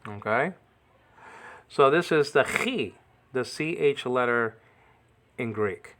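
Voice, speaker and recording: A man's voice: medium pitch, animated, slow pace, a bit bright. A man giving an informal language lesson, repeating words to correct pronunciation and often checking understanding with "okay". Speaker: teacher.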